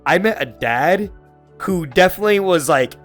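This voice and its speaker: Young man, slightly higher voice, rambling swear-filled storytelling, soft music behind. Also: expressive, normal speed. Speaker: podcast host. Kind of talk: casual chat.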